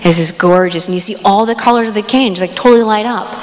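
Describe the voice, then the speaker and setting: A young woman giving a conference talk, telling a personal story with animated, excited storytelling. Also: medium pitch, quick pace. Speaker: conference speaker. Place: large hall. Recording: live hall with long reverb.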